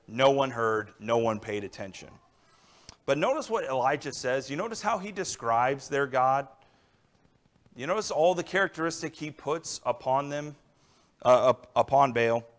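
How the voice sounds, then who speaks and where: Man preaching a conversational sermon. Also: mid-range voice. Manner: conversational preaching with frequent "all right" and "right?".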